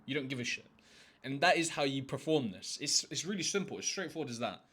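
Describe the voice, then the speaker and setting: A man's voice: mid-range voice, expressive, fast, a bit bright, breathy edge. A man giving dating advice in a casual vlog, talking in a brash, crude, emphatic way and swearing often. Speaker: dating coach.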